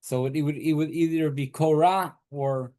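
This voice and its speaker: A man's voice: fairly high pitch, steady tone, a little fast, warm tone. A man, a rabbi, teaching a weekly Torah class to a small group. He explains patiently, repeats key points, asks rhetorical questions and turns to students to question them.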